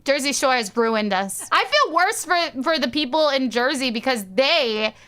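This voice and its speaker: A woman's voice: high-pitched, lively intonation, a little slow, a bit bright, clean tone. A young woman from the New York area, rambling casually on a stream, swearing and laughing. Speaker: vtuber streamer.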